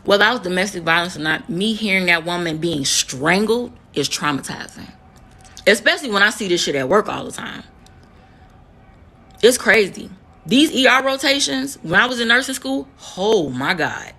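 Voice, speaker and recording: A woman's voice: mid-range voice, animated, moderate pace, pushed and bright. A woman in her thirties from the United States, a nurse, telling a heated, profane story to her viewers and repeating words for emphasis. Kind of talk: emotional storytime vlog.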